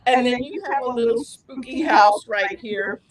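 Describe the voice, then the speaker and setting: Chatty woman with a high voice. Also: moderate pace, a crowd in the background, low-quality recording. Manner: chatty, gushing. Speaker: fabric store host. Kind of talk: live product demo.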